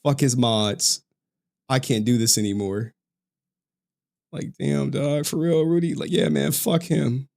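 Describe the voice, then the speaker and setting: A man's voice: mid-range voice, fairly even intonation, measured pace, gravelly, long pauses, a little mellow. A male streamer in a casual, profane rant to his viewers, slangy and often laughing.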